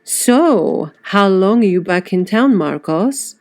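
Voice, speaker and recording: A woman's voice: mid-range voice, expressive, slow pace, darkish tone. A woman voicing a flirtatious rich middle-aged woman with a Russian accent and a gushing, dramatic manner. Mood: flirty.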